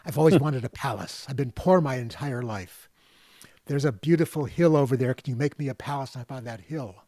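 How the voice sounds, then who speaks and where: A man voicing a greedy, eager poor man rattling off his wishes excitedly. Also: mid-range voice, measured pace, dry recording, close to an everyday voice. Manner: excited, eager, tumbling wish lists.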